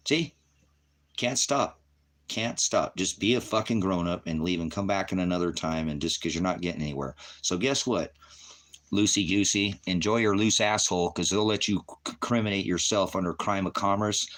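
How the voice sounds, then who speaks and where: A man preaching on a livestream, profane and combative, berating commenters and repeating himself. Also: deep voice. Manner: repetitive, shifting between shouting and muttering. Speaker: online preacher. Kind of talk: livestream rant at chat.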